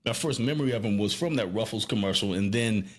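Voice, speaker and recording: A man with a Lowcountry Southern accent, co-hosting a podcast and telling nostalgic stories in a casual, animated way. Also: fast. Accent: Southern US (Lowcountry South Carolina). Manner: animated storyteller, laughs often, pitch swings widely. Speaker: podcast co-host.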